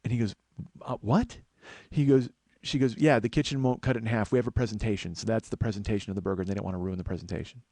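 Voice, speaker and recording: A man's voice: lowish voice, steady tone, quick pace, warm tone, no room sound. A middle-aged man, a comedian and podcast host, telling a story as an exasperated, swearing rant. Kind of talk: storytelling monologue.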